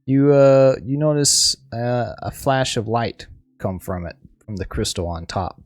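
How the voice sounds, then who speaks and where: A man running a tabletop game as game master, narrating haltingly with frequent restarts and searching for words. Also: mid-range voice, lively intonation, no room sound, clean studio sound.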